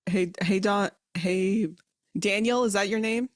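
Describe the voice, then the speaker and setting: A woman playing a tabletop game, deadpan and hesitant with fillers. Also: medium pitch, measured pace, dry recording, studio quality. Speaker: player. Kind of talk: casual tabletop play.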